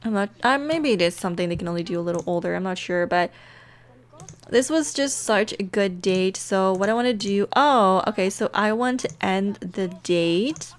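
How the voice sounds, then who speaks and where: Young woman, let's-play commentary, giggly, chatty, mid pitch, easily excited. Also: normal speed. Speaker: gaming video creator.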